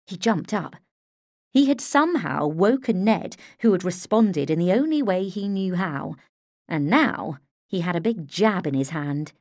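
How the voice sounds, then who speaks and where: Low-voiced woman reading a novel aloud. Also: no echo. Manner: even, measured storytelling. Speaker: audiobook narrator. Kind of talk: scripted narration.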